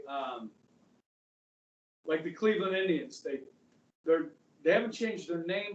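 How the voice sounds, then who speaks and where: A middle-aged man teaching a high school history class, chatty, quizzing students and saying "okay" often. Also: muffled recording, a little hiss or hum. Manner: conversational, asks the class questions, frequent "okay". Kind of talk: classroom lecture. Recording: echoey room, voice from far off.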